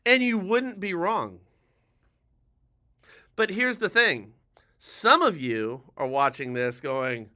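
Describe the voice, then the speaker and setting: A man's voice: high voice, very animated, unhurried, pauses often, pushed and bright. A man hosting a live-streamed coaching talk for mortgage lenders, speaking emphatically and urgently, blunt and a little profane. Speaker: mortgage lender and show host.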